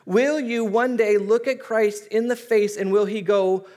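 High-voiced animated male pastor. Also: unhurried, hardly any pauses. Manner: animated storytelling, acting out voices. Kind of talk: sermon.

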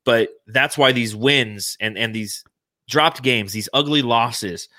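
Bright-voiced man co-hosting a podcast. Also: medium pitch, slow, dry recording, clean studio sound. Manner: joking, plugs the show. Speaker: podcast co-host. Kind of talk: casual sports podcast chat.

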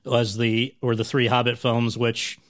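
A man's voice: mid-range voice, little pitch movement, unhurried. A man hosting an interview, asking long, searching questions with hesitant fillers. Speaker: interview host.

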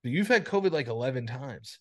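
A man's voice: medium pitch, animated, a little fast. Profane ranting podcast host man. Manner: profane ranting, heavy filler "like". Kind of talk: casual crude banter. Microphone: remote video call.

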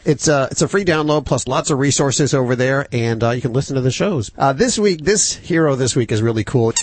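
A man's voice: mid-range voice, animated, fairly quick, no room sound. A man hosting a radio talk show, chatty and jokey about his own slips.

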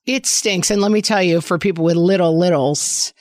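A woman's voice: on the low side, normal speed, no room sound. Wry fifty-year-old woman, dry sound. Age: 50s. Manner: wry, self-mocking, animated storytelling. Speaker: podcast co-host. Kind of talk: casual chat.

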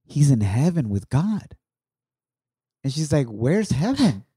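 A man's voice: medium pitch, animated, slow pace, mellow, husky, no room sound. A man in his thirties sharing an emotional personal testimony on a podcast, reflective and heartfelt, mixing in Spanish words. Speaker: podcast co-host.

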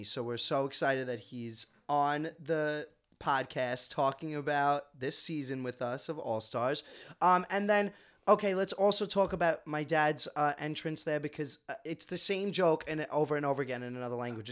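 A young man hosting a podcast in casual chat, excitable and teasing, laughing often. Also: fairly high pitch, moderate pace, clear, resonant tone. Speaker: podcast host.

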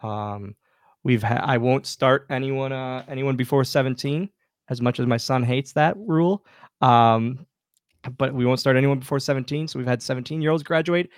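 A man, a former pro wrestler, telling backstage stories as a guest in a casual interview, lively and full of acted-out quotes. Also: medium pitch, normal speed, no room sound, studio quality. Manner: animated anecdotes, acts out quoted dialogue, many restarts. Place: podcast studio.

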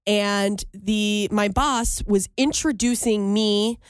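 A woman's voice: mid-range voice, slow, clean tone, no room sound, studio quality. A woman co-hosting a radio show, chatty and giggly as she tells stories. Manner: giggly, animated storyteller. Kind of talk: casual radio banter.

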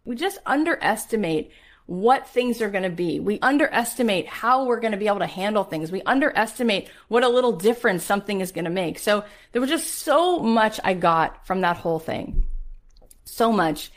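A woman's voice: medium pitch, expressive, moderate pace. A woman in her forties hosting a podcast, telling a personal story in an emphatic, motivational way and asking rhetorical questions. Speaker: podcast host.

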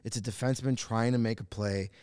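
A man co-hosting a casual sports podcast who gives blunt, opinionated takes and tosses off dismissive asides. His voice sits at an ordinary middle pitch. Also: fairly even intonation, fast, darkish tone, smooth, dry recording, clean studio sound. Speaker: podcast co-host.

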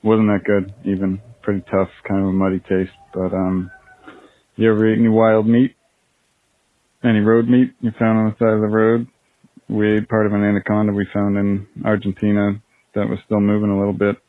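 A man calling in to a podcast to tell a story, speaking in a flat, matter-of-fact way with halting pauses. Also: on the low side, no echo. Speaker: caller. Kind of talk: phoned-in storytelling. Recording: tinny phone line.

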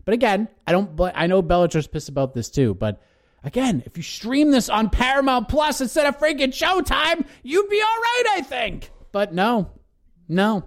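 A man co-hosting a casual podcast, talking in animated bursts and ranting with excitement. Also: very high-pitched, normal speed. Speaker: co-host.

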